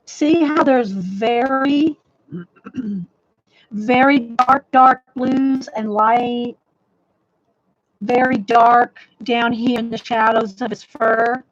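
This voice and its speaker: A woman hosts a casual live-stream drawing lesson, chatting and rambling, restarting her sentences and greeting viewers by name. Her voice sits a little high and crackles faintly. The recording is muffled and dry, from a desk microphone. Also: steady tone, drawn-out words, long pauses, no room sound. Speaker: livestream art host. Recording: dull dry lo-fi mic audio.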